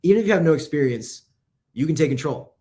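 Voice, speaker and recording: A man's voice: a little high, expressive, warm tone. A man coaching copywriting in a casual, profane live lesson. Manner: casual, profane, fast-talking.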